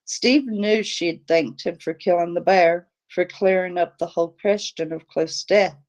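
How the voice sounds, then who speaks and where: A woman reading a novel aloud, telling the story in a steady, deliberate way. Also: on the low side. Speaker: audiobook reader, channel host.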